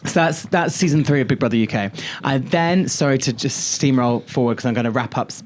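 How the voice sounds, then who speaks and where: Animated chatty male podcast host. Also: medium pitch, a little fast, slight background noise. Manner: animated storytelling with swearing and stretched words. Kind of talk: casual chat.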